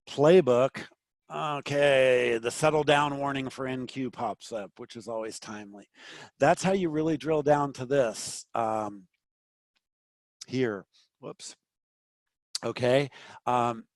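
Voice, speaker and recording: Fast-talking man teaching trading live. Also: medium pitch, dry recording. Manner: fast, loose explaining with many fillers and restarts. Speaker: trading educator. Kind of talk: live screen-share trading lesson.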